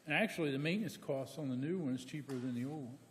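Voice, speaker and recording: A man giving a relaxed, casual report to county commissioners, laughing easily. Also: mid-range voice, fast, long reverb tail, slight background noise. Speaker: county department head. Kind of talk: casual report at a public meeting. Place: county meeting room.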